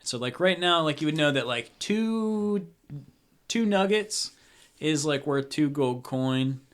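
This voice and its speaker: A man's voice: fairly high pitch, expressive, slow pace, a bit bright. A man running a tabletop game as game master, casual and laughing as he narrates.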